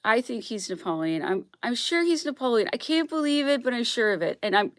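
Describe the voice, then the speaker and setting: A woman speaks straight to her audience in a loose, rambling monologue, stressing her points and circling back to repeat them. Her voice sits at an ordinary middle pitch. The sound is dry, with no room echo. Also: sing-song, a little fast. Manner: rambling, emphatic, restarts and repeats herself. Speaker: vlogger. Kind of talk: casual solo monologue.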